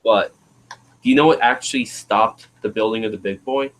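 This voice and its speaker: A man's voice: on the low side, normal speed, fairly bright tone, low-quality recording. A man hosting a casual livestream chat, rambling and trailing off as he searches for words. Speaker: livestream host.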